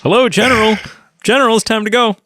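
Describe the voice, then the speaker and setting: A man's voice: steady tone, fast, sharp tone, no echo, clean studio sound. A man doing a whiny, nagging young pilot. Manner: nagging, repetitive, high-pitched.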